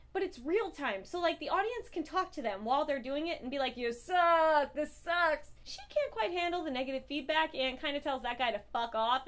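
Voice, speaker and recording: A high-pitched young woman talks straight to camera about comic books. She is blunt and swears freely, gushing over what she loves and raging at what she hates. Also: a bit bright. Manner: profane, impassioned and blunt. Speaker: comic book reviewer. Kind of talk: casual review vlog.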